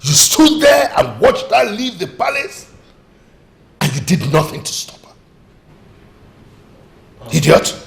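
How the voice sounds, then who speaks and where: A furious king bellows insults at his guards. His gravelly voice swings wildly in pitch, and he drags out his slow, heavy commands. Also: big pitch swings, exaggerated voice.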